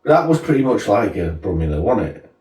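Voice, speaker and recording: Laughing man, lively, roomy sound. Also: fairly low pitch, brisk, recorded from a distance. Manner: jokey, laughs often, slips into silly put-on accents. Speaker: podcast co-host. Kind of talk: casual chat.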